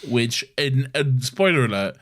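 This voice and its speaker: A man's voice: medium pitch, animated, unhurried. A man co-hosting a podcast, recapping in a laid-back, sweary, casual way. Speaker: podcast co-host. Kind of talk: casual chat.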